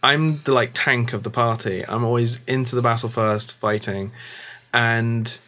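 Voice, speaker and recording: A man's voice: medium pitch, steady tone, a little slow, sharp tone. A man chatting casually on a podcast about playing and running tabletop games, rambling with many filler words. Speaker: tabletop game player and game master.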